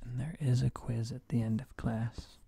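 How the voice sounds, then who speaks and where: A man in a whispered role-play as a Spanish teacher, soft and sleepy, slipping in deadpan jokes, hoarse from a sore throat. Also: medium pitch, moderate pace. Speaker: streamer playing a Spanish teacher.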